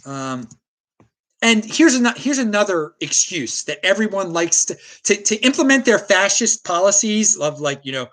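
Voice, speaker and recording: An American man from the United States hosts a solo livestream, ranting with strong opinions and reading chat comments out loud. His voice is high and sing-song, a bit bright, at a normal speed.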